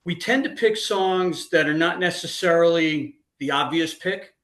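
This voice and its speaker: A man's voice: on the high side, unhurried, fairly bright tone, reverberant. A middle-aged man, a band leader, answering interview questions in an easygoing way.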